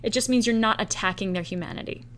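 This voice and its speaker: A woman hosting a solo podcast, explaining her points in a relaxed, conversational way and acting out short example quotes. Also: mid-range voice, fast, a little hiss or hum. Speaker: podcast host. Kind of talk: solo podcast talk on relationships.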